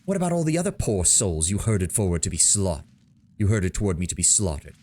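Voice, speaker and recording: A man's voice: sits low, sing-song, fast, darkish tone, slight background noise. A man voicing a cruel, gloating female demon cultist, reading game dialogue aloud in a mocking, theatrical way.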